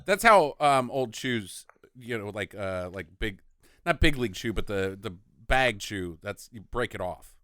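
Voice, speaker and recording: Woman podcast co-host, animated and giggly, smooth voice, dry close mic. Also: very deep voice, a little slow, no echo. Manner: laughs often, acts out quotes. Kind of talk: casual movie-riffing chat.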